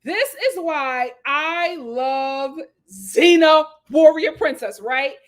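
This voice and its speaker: Host: woman, high voice, animated and exclamatory, live recap chat reading viewer comments. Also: extremely slow. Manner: animated, exclamatory, laughs often. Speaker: host of a reality TV recap channel.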